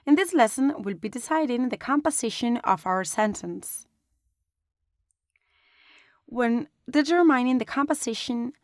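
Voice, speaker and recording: A woman explaining a design lesson step by step in a calm, instructional way, recorded as a close voice-over. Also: on the high side, no room sound. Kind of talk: online lesson narration.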